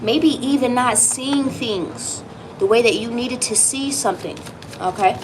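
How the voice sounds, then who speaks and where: Over background noise, a woman with a higher voice speaks a little slowly as she gives a tarot reading directly to her viewer. She's lively, emphatic and reassuring, swearing casually along the way.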